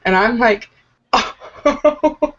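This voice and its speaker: A woman's voice: on the low side, moderate pace, a little mellow. A woman co-hosting a podcast, telling stories in casual banter, swearing often and laughing. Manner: profane, laughing storyteller. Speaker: podcast co-host. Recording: dull lo-fi audio.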